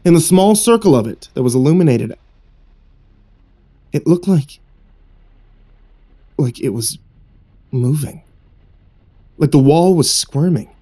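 A man narrating a horror story in a hushed, suspenseful storytelling manner. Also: fairly high pitch, expressive, slow, long pauses. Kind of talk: scripted narration.

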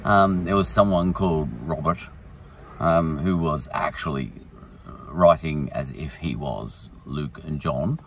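A man's voice: a bass voice, slow pace, a bit bright, recorded from a distance, a little hiss or hum, poor audio. A man hosting a podcast, rambling through a casual, irreverent monologue. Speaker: podcast host.

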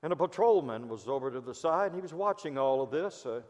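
Animated Midwestern pastor preaching in a reverberant hall. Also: male voice, medium pitch, quick pace. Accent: American Midwest. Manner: storytelling preacher, swinging between loud emphasis and hushed asides. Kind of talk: sermon. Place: church sanctuary.

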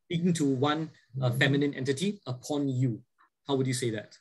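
A man's voice: mid-range voice, a little fast, rough recording. A man lecturing a class, explaining points and often checking in with "right?" as he goes. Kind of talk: classroom lecture with student questions.

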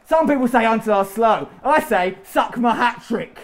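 A young man calls his own football game match, taunting and bragging as he plays. His voice sits high and keeps climbing into loud, excited shouts. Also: moderate pace. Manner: excitable, boastful, shouting at big moments. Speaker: gaming YouTuber. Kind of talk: live gameplay commentary with trash talk.

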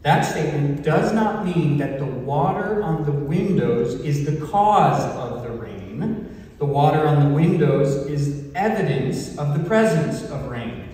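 A man's voice: on the high side, expressive, dark tone, far from the mic. Man preaching in an echoey hall. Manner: earnest, emphatic teaching with pauses. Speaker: pastor. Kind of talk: sermon. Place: church worship hall.

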